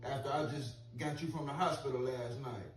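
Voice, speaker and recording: A man in a comedy skit, scolding and yelling, swearing a lot. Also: mid-range voice, fairly quick. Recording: echoey room, mic at a distance, music.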